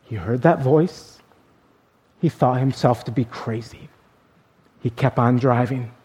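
A male pastor telling a story in a sermon, earnest, swinging between emphatic and hushed. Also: mid-range voice, slow, breathy edge.

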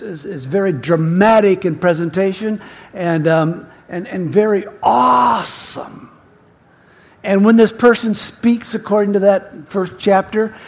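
Slow, animated male pastor preaching. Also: high voice, breathy edge. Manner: emphatic, halting with repeated words. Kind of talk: sermon. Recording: reverberant church hall.

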